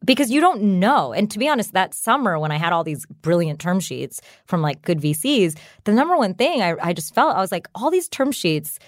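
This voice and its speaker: A low-pitched woman in her thirties talks as a guest on an interview show, loose and conversational, peppering her sentences with "like" and "you know". The studio sound is close and dry. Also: big pitch swings, brisk, few pauses, no room sound. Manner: chatty, frequent "like" and "you know" fillers, laughs often. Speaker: startup founder, guest. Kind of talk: casual interview chat.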